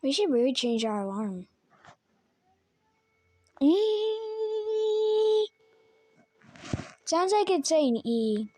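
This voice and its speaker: A woman's voice: on the high side, very animated, normal speed, few pauses, darkish tone, no room sound. A woman casually reacting to alarm sounds, joking and giving blunt, offhand verdicts. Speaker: video creator rating alarm sounds.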